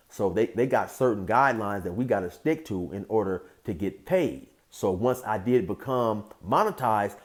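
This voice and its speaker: A man's voice: lowish voice, darkish tone. A man telling a story casually as a YouTube storyteller, in a laid-back, streetwise way with lots of "you know".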